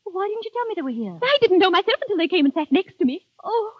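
A woman's voice: very high voice, very animated, fast talker, no room sound. A woman voicing an anxious, proper spinster aunt who hesitates and frets in an old radio drama. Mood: fretful. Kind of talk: 1930s radio drama acting. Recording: dull old radio recording.

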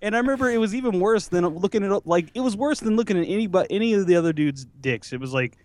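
A man's voice: sits high, animated, fast talker, a little mellow, dry recording. A man co-hosting a podcast, rambling through crude, joking anecdotes in casual banter. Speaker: podcast co-host.

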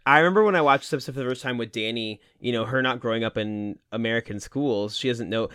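A man co-hosting a podcast in loose, casual chat. His voice sits at a middle pitch and sounds dry and close. He laughs easily and swears offhandedly. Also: fast talker, pushed and bright, clear, resonant tone, no echo. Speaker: podcast co-host.

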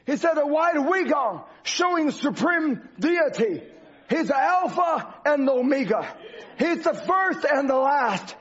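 A man's voice: extremely high pitch, expressive, slow pace, fairly bright tone. A man preaching a sermon with an emphatic, repetitive cadence. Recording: dull lo-fi recording.

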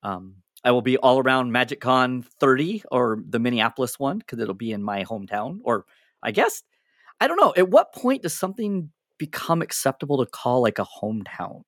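Lively, chatty man on a podcast. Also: medium pitch, moderate pace, no echo, studio quality. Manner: chatty, laughs often, restarts sentences. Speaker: podcast guest; psychologist. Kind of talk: casual podcast interview. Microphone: lapel mic.

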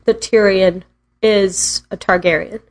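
A woman co-hosting a casual podcast, animated and playful, often mimicking voices for laughs. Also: medium pitch, takes it slowly. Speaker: podcast co-host. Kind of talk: casual chat.

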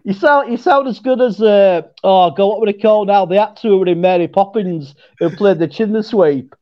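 A man's voice: sits high, moderate pace. Laughing middle-aged Yorkshireman on a lo-fi call. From Yorkshire, England. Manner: laughing, swearing, rambling banter. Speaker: guest. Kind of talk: casual chat. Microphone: remote call. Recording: lo-fi internet call.

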